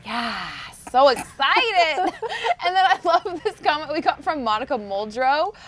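Excitable high-voiced woman co-host. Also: moderate pace, slight background noise. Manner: excitable, gushing. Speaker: entertainment show co-host. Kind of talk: excited pop culture chat.

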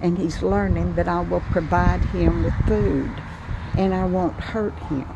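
An older woman chatting slowly and homely in a casual vlog, outdoors by her cottage patio. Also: fairly low pitch, fairly even intonation, gravelly, muffled recording, background noise. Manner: slow, homey Southern talk, says "y'all". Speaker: vlogger.

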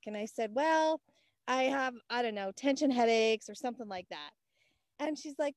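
A Canadian woman speaking as a guest on a group call from outdoors on a mountain, telling her story in a lively way and acting out the voices of the people in it. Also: on the high side, moderate pace, no echo, clean studio sound. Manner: animated, acts out quoted voices. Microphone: laptop on a hotspot.

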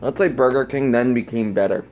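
A man's voice: fairly quick, slight background noise. A man holding a phone camera and delivering a rambling vlog rant. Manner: rambling, jumps into loud squeaky quoted voices. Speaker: vlogger. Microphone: handheld phone camera.

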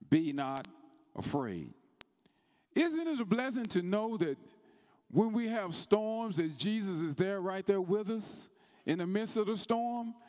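A man preaching a sermon in church, reading scripture in a measured way and then building to a rising, chanted delivery. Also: sits high, a little mellow. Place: church sanctuary. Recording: long church reverb.

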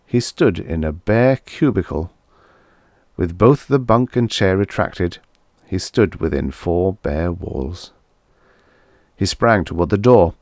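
A man narrating vintage science fiction stories in a measured, dramatic storytelling manner. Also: low voice, a little mellow, no room sound, studio quality. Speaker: audiobook narrator.

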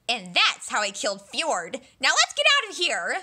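Voicing a whole cast of young dragons alone, a woman fan dubber performs a comedic parody dub of a dragon story with silly voices, shrieks, and mutters. Her voice sits high with big pitch swings, pushed and bright, and runs a little slow.

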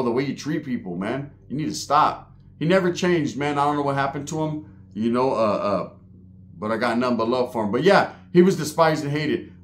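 Slang-heavy man with the sniffles. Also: medium pitch. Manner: street slang, swears often, acts out quoted voices. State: has the sniffles. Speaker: channel host. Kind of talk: casual storytelling monologue.

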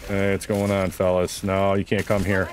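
A man's voice: sits low, completely flat delivery, moderate pace. A man giving casual gameplay commentary, joking and putting himself down throughout. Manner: joking, self-deprecating. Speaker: gaming video host.

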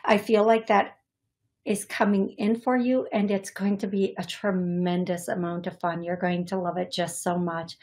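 A young adult woman hosting a psychic medium show, speaking in a halting, repetitive way with many fillers as she passes on messages to viewers. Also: mid-range voice. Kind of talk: live-stream reading for viewers.

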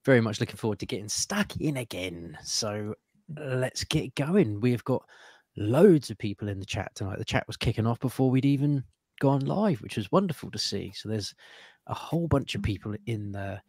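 Guy about thirty hosting a live stream chat, gravelly edge, dry close sound, cheery and chatty. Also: mid-range voice, animated, moderate pace, darkish tone, no room sound. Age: around 30. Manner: chatty, upbeat, greets viewers one by one. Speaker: podcast host.

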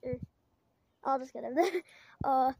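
A woman's voice: high voice, a little slow, gravelly, a little mellow, no room sound. A woman vlogging outdoors while climbing, rambling with many fillers and giggles, putting on a mock British-Australian accent. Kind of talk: casual rambling vlog.

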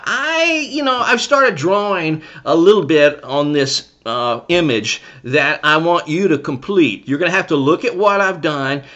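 A middle-aged man leading a children's church service, cheering the kids on and then telling a Bible story gently. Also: a little high, lo-fi sound. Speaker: children's pastor. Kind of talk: lively children's church talk.

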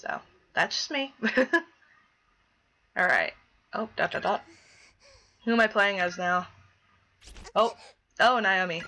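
A woman's voice: mid-range voice, takes it slowly, pauses often, pushed and bright, poor audio. A young woman playing a game and reading its dialogue aloud, chatty and dramatic, swearing casually as she reacts. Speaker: gaming YouTuber.

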